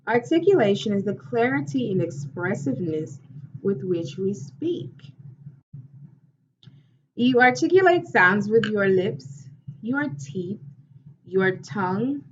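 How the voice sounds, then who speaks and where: A woman theatre teacher giving a lesson in a slow, deliberate, instructive way. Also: mid-range voice. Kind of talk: recorded classroom lesson. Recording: dull, distant recording with faint hiss.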